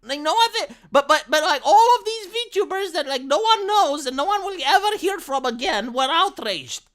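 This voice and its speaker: A woman's voice: high voice, animated, normal speed, a bit bright. A young woman streamer giving blunt, sweary casual commentary with lots of restarts, from Romania.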